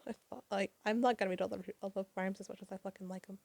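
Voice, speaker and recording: A tired woman doing a casual late-night comic review, rushed and apologetic and swearing often. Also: mid-range voice, fairly even intonation, creaky, darkish tone, no room sound.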